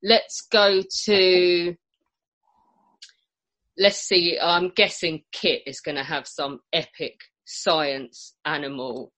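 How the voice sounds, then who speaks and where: A woman's voice: on the low side, steady tone, slow pace, fairly bright tone. A woman hosting a casual panel chat, teasing her guests and laughing often. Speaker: podcast host.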